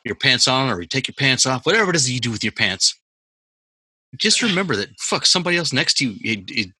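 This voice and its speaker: A man's voice: medium pitch, very animated, quick pace, pushed and bright, husky, no echo. A man hosting a podcast over a video call, talking bluntly and emphatically and cursing heavily in casual chat. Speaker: podcast host.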